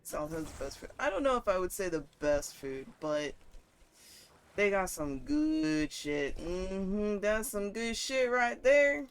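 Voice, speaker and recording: A woman's voice: mid-range voice, big pitch swings, slow pace, smooth. Chatty, cussing woman streamer. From northern United States. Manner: chatty and profane, gets passionate and loud. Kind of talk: casual gaming stream chat.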